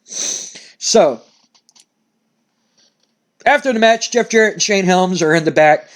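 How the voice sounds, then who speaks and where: A man narrating his wrestling sim game play-by-play, turning excitable. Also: high voice, slow.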